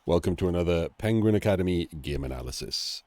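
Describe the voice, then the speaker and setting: Sick, coughing Welsh man, very deep. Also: animated, fast talker, darkish tone, dry recording. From Wales. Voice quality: nasal, throaty. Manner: chatty, self-deprecating asides. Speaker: game analyst. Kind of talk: casual game commentary.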